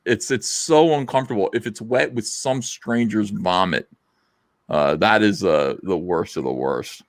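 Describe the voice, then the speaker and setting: Guy hosting a stream, swearing, lots of uh's, lowish voice, dry close mic. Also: a little slow, no room sound. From South Jersey, USA. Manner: rambling, profane, lots of fillers. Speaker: live stream host reading chat. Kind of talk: casual live stream chat.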